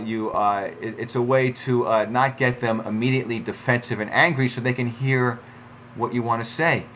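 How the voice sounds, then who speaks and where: A man's voice: medium pitch, a bit bright, a little hiss or hum. Rambling man giving relationship advice. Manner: conversational, many fillers and restarts, acts out quoted lines. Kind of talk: unscripted advice talk.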